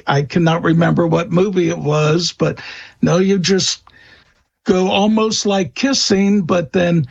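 Slow, gravelly-voiced man with many pauses. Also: high-pitched, dull audio. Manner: slow, hesitant, many fillers and restarts. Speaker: guest expert on vampire lore. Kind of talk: interview answers.

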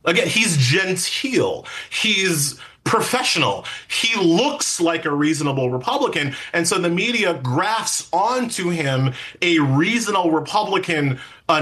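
Bright-voiced high man, emphatic guest. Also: big pitch swings. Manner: fast, emphatic, many fillers and restarts. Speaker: legal commentator guest. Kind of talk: political interview.

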